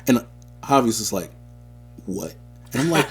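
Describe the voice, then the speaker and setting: A man co-hosting a podcast, telling stories in a casual, animated, slangy way. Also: medium pitch, normal speed, a little hiss or hum. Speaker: podcast co-host. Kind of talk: casual chat.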